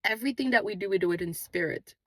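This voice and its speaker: A fast-talking woman with a medium-pitched voice hosts a manifestation channel, giving an earnest spiritual motivational talk while out on a walk. She has a non-native English accent of unstated origin, which she mentions herself, and preaches in a repetitive rhythm. The recording is dry.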